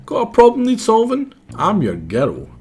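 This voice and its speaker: A man's voice: high voice, wildly swooping pitch, moderate pace, darkish tone, a little hiss or hum, pitched above the performer's own voice. A man voicing a brash, tough female mouse outlaw in a game, talking in a boastful, swaggering way. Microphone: headset.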